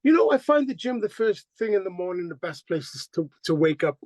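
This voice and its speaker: Middle-aged man, high voice, dry close sound, animated profane storyteller. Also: fairly quick, no room sound. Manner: animated, profane, acts out quotes. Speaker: band singer, interview guest. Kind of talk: casual interview storytelling.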